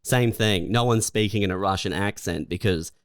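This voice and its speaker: A man's voice: on the low side, normal speed, clean tone, no echo, clean studio sound. A man co-hosting a comedy podcast, bantering with jokes and frequent laughter. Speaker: podcast co-host. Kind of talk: casual comedic chat.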